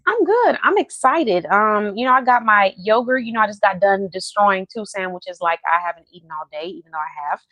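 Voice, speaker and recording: A woman hosting a livestream from home, chatty and quick to laugh, talking over a video call. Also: mid-range voice, expressive, fairly bright tone, no room sound. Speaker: livestream host. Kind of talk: casual chat.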